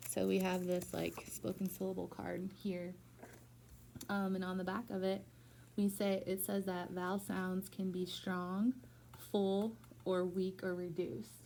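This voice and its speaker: Gravelly, mellow-voiced woman teacher. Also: on the low side, little pitch movement, slight background noise. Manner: patient, stretches words out slowly to model syllables. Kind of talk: one-on-one phonics lesson. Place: school room with a whiteboard.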